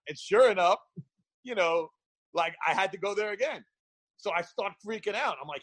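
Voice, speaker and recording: Animated man telling stories. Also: sits high, a little fast. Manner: animated storyteller, laughs often, acts out quotes. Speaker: guest, barber event founder. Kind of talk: casual storytelling chat.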